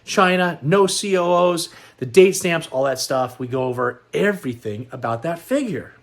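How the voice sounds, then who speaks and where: A middle-aged man talks through his vlog in a loose, rambling way with an upbeat lift. His voice sits high for a man. He sounds tired and a little worn. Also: lively intonation, normal speed, hardly any pauses. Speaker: host. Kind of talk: casual vlog chat.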